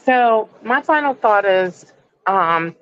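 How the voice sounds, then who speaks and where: A woman's voice: mid-range voice, animated, slow, dull audio, a crowd in the background. A woman calling into a sports podcast, giving a firm, emphatic fan opinion. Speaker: caller. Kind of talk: casual sports call-in chat.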